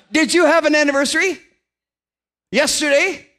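A man in his fifties preaching a lively, joking sermon to a congregation in a church. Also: extremely high pitch, measured pace. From Canada. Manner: animated, joking, playful put-on voices.

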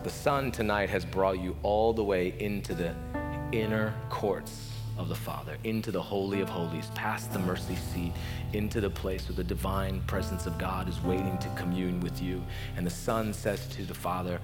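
Low-voiced preacher over soft music. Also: male voice, fairly even intonation, moderate pace, big-room sound. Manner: impassioned storytelling preacher, swinging from hushed to soaring. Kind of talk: sermon. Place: speaking at a family camp gathering.

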